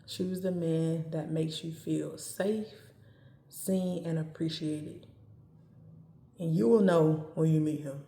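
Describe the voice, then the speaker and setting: Calm, straight-talking woman in an echoey room. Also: low-pitched, slight background noise. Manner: calm, even, straight-talking with emphatic repetition. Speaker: vlogger giving dating advice. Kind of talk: casual direct-to-camera talk.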